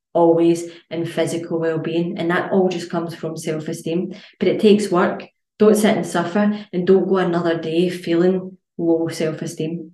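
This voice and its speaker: A woman's voice: lowish voice, mellow, echoey room. A woman hosting a casual solo podcast as a fitness coach, blunt and chatty with plenty of swearing.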